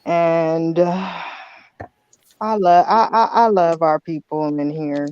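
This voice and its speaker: A woman's voice: on the low side, takes it slowly, clear, resonant tone, dry recording. A woman on a casual panel talk, frank and annoyed, speaking out with hesitations. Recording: dull lo-fi sound.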